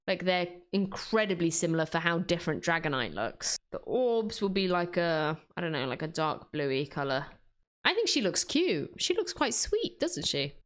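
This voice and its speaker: A woman chatting casually to herself as she draws, in a self-mocking, rambling way. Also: medium pitch. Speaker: artist and video creator. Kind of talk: casual commentary while drawing.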